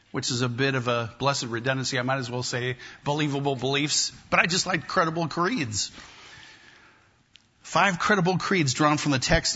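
A male pastor preaching a sermon to his congregation, emphatic and repetitive, with slow deliberate pauses. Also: a little high, bright, forceful tone, slightly rough. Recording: dull lo-fi sermon recording.

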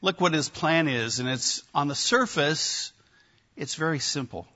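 A man preaching a sermon, emphatic and animated, with wry asides to his listeners. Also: a little high, a little slow, highs cut off. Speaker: pastor.

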